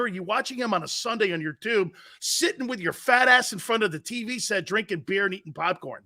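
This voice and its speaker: A man's voice: high voice, animated, brisk, few pauses, sharp tone. A man hosting a sports talk show, ranting in a mocking, combative way and laughing at his own jokes. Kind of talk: brash sports talk rant.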